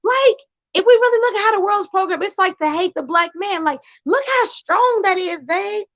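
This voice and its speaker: High-voiced emphatic woman, lo-fi sound. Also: moderate pace. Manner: emphatic, excitable, talks to her partner off-camera. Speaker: vlogger. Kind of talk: casual commentary.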